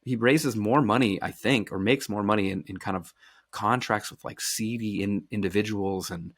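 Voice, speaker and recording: A man who is a journalist and author, a guest on a podcast, telling stories in a casual, animated way, swearing freely and often restarting his phrases. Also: on the low side, moderate pace, no room sound, clean studio sound. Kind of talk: casual conversational storytelling.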